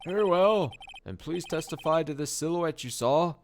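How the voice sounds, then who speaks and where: A man's voice: a little high, animated, a little hiss or hum, voice pushed up. A man putting on a formal, stern old judge. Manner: slow, formal, mildly scolding. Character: stern elderly male courtroom judge. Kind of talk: let's play voice acting. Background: game music.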